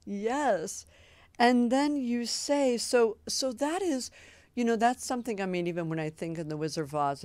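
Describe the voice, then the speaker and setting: Effusive woman host, low dry voice. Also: darkish tone, dry recording. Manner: enthusiastic, effusive, laughs often. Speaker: talk show host. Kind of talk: casual interview chat.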